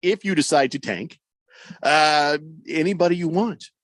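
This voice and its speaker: A man hosting a sports radio show in casual talk, reading listener messages aloud with a mocking, animated manner. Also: a little high, unhurried, no echo.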